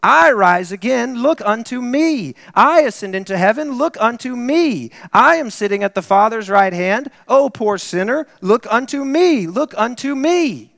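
A man's voice: extremely high pitch, expressive, a little slow, creaky, few pauses, a bit bright, studio quality, pitched above the performer's own voice, exaggerated voice. A man voicing a plain-spoken, fervent male lay preacher who pleads urgently and repeats his words. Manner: impassioned and emphatic, repeating words. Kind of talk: acted quote within a sermon. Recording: reverberant hall.

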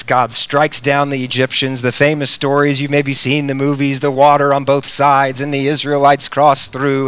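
A middle-aged pastor preaches a sermon in a smooth, animated voice, with big swings in pitch and volume. At times he speaks directly to the children.

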